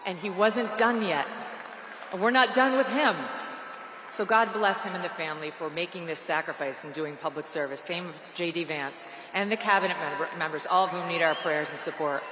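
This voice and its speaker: A woman with a lowish voice gives a brisk rally speech against a noisy background, her words bouncing through the echoey reverb of an arena PA. She's sarcastic and punchy, mocking as she goes.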